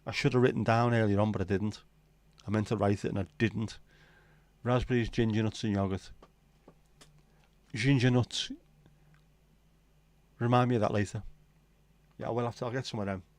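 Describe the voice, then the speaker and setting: A man's voice: mid-range voice, fairly even intonation, a little fast, long pauses, dry recording. A man hosting a casual livestream, rambling and joking with viewers and swearing casually. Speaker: livestream host. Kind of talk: casual chat reading viewer comments.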